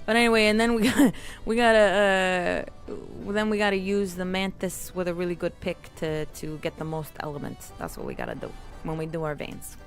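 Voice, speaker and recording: A woman's voice: lowish voice, very animated, brisk, few pauses, soft background music. A woman streaming a survival game, chatting with a teammate and her viewers, laughing often and trailing off mid-thought. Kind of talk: casual gaming stream chat.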